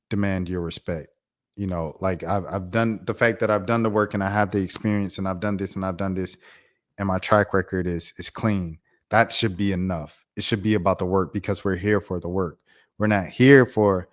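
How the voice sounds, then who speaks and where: Young American man vlogging, low-ish voice, relaxed chatty commentary. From United States. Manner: laid-back, reflective, conversational. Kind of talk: casual commentary to camera.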